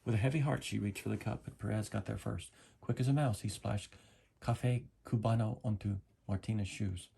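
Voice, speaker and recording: A man reading a children's story aloud as a lesson, gentle and explaining. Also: on the low side, fairly even intonation, normal speed, gravelly, slightly rough. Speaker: reader.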